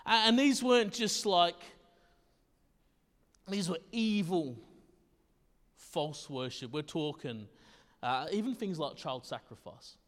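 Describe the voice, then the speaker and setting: Male pastor, high voice, chatty laid-back preaching, long hall echo. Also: lively intonation, slow, pauses often, a bit bright. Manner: casual, conversational, often checks in with "right?". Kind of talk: sermon.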